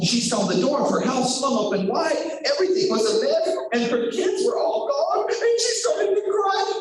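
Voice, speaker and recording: A male storyteller performing a folk tale for children, high-pitched and very lively in his swooping, theatrical narration. He sounds far from the mic in a very echoey room, with noise behind him.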